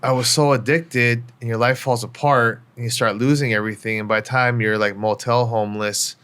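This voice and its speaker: Here a middle-aged podcast guest recounts his life in a casual interview, reflective and frank, his speech full of fillers. The voice is medium-pitched, steady, brisk, clear and resonant, with a bit of brightness.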